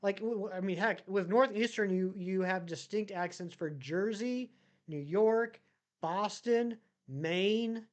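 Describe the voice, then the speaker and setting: A live streamer with a general American accent casually reads chat messages aloud and gives long answers. The voice is mid-range and slow, and the highs are cut off.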